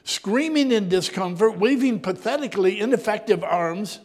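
Man preaching, reflective sermon, high voice, throat clearing, long hall reverb. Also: lively intonation, normal speed. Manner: reflective, often clears his throat, voice dropping low and soft at times. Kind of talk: sermon with scripture reading.

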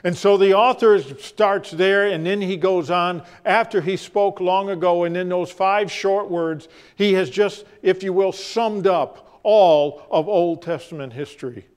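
A man preaching a sermon as pastor, telling stories with deliberate, dramatic pauses. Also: high voice, smooth.

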